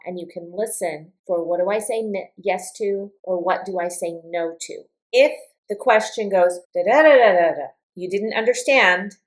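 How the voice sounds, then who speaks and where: A woman's voice: medium pitch, rough recording. Woman teaching English vocabulary. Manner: slow, deliberate, models intonation aloud. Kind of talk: vocabulary lesson.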